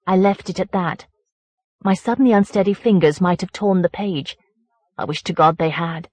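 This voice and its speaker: A woman narrating a horror audiobook in a measured, deliberate voice. Her pitch sits on the low side, and the recording is close and dry with no room sound. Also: a little mellow, no room sound. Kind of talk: audiobook reading of a horror story.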